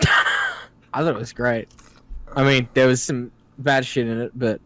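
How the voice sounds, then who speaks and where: Man, co-host, casual commentary, wry short interjections, laid-back, mid pitch. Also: a little slow, bright, forceful tone. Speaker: podcast co-host.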